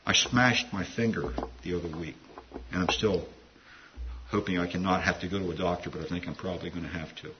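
A man with a lowish voice preaches in a loose, talky way, wandering into asides. The recording is dull and lo-fi, with a faint hiss running underneath. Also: fairly even intonation, a little fast. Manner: conversational, digressive, with asides. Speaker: pastor. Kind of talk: sermon.

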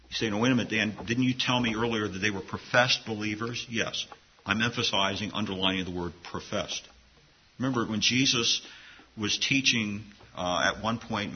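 A man's voice: on the low side, lo-fi sound, slight background noise. A man preaching a sermon to his congregation in an earnest, conversational way, often restarting his phrases. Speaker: pastor.

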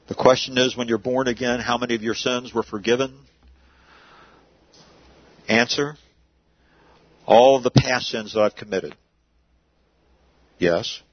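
A pastor preaches in an easygoing, conversational way, posing questions and answering them himself. His voice is husky, and the recording sounds dry and somewhat dull. He speaks at a middling pitch. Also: no room sound. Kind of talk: sermon.

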